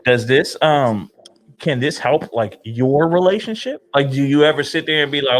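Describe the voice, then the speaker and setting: A man's voice: fairly high pitch, moderate pace. A man hosting a podcast, chatting casually with a guest, laid-back and joking. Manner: laid-back, joking, says "right" a lot. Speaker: podcast host.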